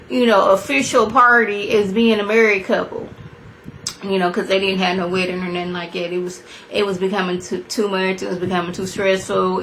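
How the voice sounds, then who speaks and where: A woman in her thirties chattily recapping a TV episode to her viewers, acting out quotes in a high voice. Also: a little hiss or hum. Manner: animated storyteller, acts out quotes in a high voice; chatty, talks straight to viewers. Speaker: TV review vlogger.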